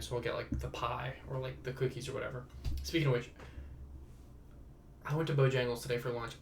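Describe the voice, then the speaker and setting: Young male podcast host, tired, rambling, self-deprecating, middle pitch, trails into mumbles. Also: flat delivery, a little fast, pauses often, slight background noise. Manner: rambling, self-deprecating, drifting off-topic, often low and mumbled. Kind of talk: casual solo podcast ramble.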